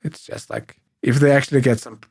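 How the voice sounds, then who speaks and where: Man, hoarse, sick with flu, podcast co-host, hesitant, casual chat. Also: mid-range voice, steady tone, a little fast, a little mellow. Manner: hesitant, with frequent fillers.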